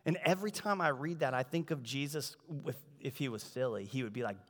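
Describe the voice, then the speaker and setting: A man preaching a sermon in a conversational, animated way, acting out the voices of the people in the story. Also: mid-range voice, a little fast. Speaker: pastor. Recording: large hall reverb.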